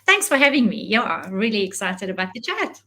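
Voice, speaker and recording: A woman's voice: mid-range voice, very animated, normal speed, sharp tone. A South African woman in her forties with an Afrikaans first language, talking as a guest in a casual interview, reflective and laughing often. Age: 40s.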